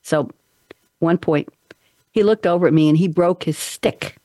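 A woman's voice: fairly low pitch, measured pace, mellow, no echo, clean studio sound. A woman radio talk show host telling stories in a casual chat, acting out quoted voices with animation.

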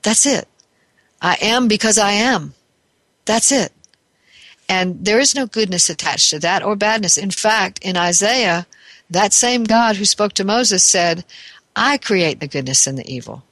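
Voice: mid-range voice, unhurried, a bit bright, no echo. A spiritual teacher giving a reflective talk, thinking aloud, searching for words and correcting themselves as they go. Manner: thoughtful, searching, self-correcting.

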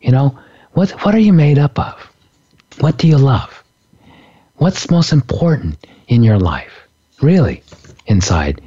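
A man telling a story in a relaxed spiritual talk, animated and laughing often. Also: mid-range voice, a little slow, pauses often, breathy edge, muffled recording. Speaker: author and speaker.

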